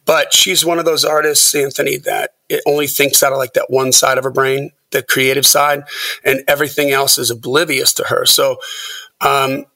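Middle-aged guy telling music-biz stories, lively, acts out people, sounds a bit far from the mic. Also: medium pitch, moderate pace. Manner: animated, acts out quoted people. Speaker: podcast guest, music producer. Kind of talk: storytelling interview.

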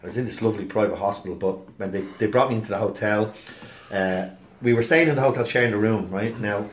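A man, a coffee chain owner, telling lively anecdotes in casual chat and acting out other people's voices. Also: fairly low pitch, fast, lo-fi sound, a little hiss or hum. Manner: animated anecdotes with acted-out voices. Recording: echoey room.

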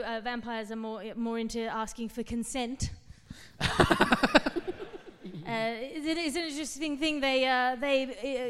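A woman from Australia, a comedian guest on a comic podcast, telling absurd jokes in a deadpan way and laughing at her own lines. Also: fairly high pitch, clear, resonant tone, in a large hall.

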